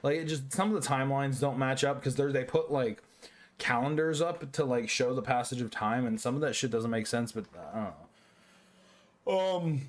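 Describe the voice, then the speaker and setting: A man's voice: medium pitch, moderate pace. Tipsy man ranting through a film review. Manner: rambling, profane, many restarts and fillers. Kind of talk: drunk casual review monologue.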